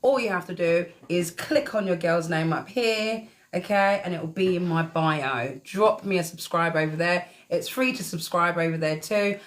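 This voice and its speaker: A woman reading tarot on a live stream, chatting casually, greeting viewers warmly and calling them pet names. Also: lowish voice, moderate pace. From England. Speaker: tarot reader.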